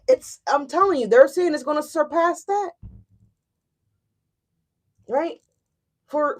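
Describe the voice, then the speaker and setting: A woman with a mid-range voice gives her viewers a casual tarot reading, animated and emphatic. She swears freely and often checks in with "right?"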